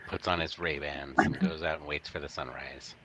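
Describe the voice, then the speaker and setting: A man's voice: very deep voice, steady tone, moderate pace, very noisy. A man playing in a tabletop role-play game, narrating his character's actions in a dry, laid-back way. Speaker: player.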